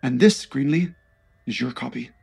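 A man voicing a calm, confident veteran male spy who explains things in a breezy, matter-of-fact way. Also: medium pitch, moderate pace, vocal fry, breathy edge, voice pushed down. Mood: cool.

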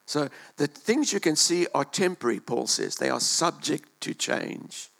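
A male pastor preaching a sermon in a church, impassioned, swinging between loud and hushed delivery and repeating words as he goes. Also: a little high, expressive, measured pace, creaky.

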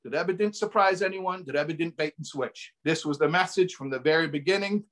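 A man preaching as a rabbi with a fairly high voice. He talks with passion, repeating key phrases for emphasis and weaving in Hebrew and Yiddish terms. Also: brisk, fairly bright tone. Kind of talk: sermon.

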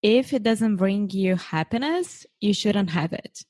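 A woman chats on a casual podcast at an unhurried pace, pausing to search for words and laughing often. Her voice sits at a middle pitch. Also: expressive, a little mellow. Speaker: co-host, English learner.

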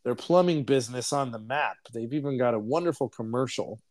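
A man's voice: medium pitch, brisk, darkish tone. A young man co-hosting a podcast, casually recapping a film in a rambling way and laughing often. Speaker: podcast co-host. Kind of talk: casual chat, movie review.

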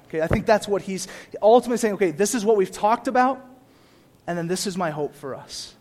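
Animated young preacher with a high voice. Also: male voice, fast talker. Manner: animated preaching, swings from quiet asides to loud emphatic repeats. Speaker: pastor. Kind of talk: sermon.

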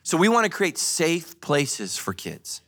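A male pastor giving a sermon at a church service, joking and telling animated stories. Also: on the high side, takes it slowly. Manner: animated, joking, storytelling preacher.

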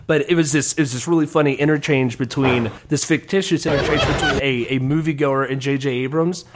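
A man appearing as a podcast guest, chatting casually and telling an animated story with stammering repetitions. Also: medium pitch, fairly quick, very noisy. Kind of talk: casual chat.

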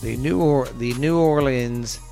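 A man's voice: medium pitch, a little slow, creaky, dark tone, faint music behind. A male podcast host chatting casually and profanely, then reading history aloud with stumbles.

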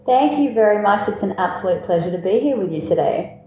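An Australian woman in her thirties talks in a relaxed, thoughtful way and laughs easily. Her voice is mellow and warm. It comes over a dull, muffled remote line with a very echoey room and faint hiss behind it. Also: medium pitch, brisk. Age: 30s. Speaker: guest. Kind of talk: casual interview. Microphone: remote call.

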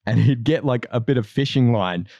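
A man's voice: medium pitch, a little fast, vocal fry, darkish tone, dry recording, lo-fi sound. A man co-hosting a podcast who tells long stories with many restarts and laughs as he goes. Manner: rambling, restarts often, laughs through stories. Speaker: podcast co-host. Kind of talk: casual chat, storytelling.

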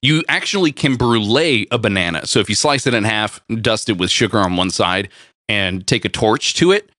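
A man co-hosting a cooking show, who explains recipes and trades deadpan jokes. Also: on the low side, normal speed, dry recording. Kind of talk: casual banter.

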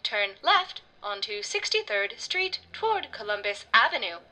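A woman doing a slow, insistent phone maps voice. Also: a little high, very animated, sharp tone, heavily acted. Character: female maps app voice on a phone.

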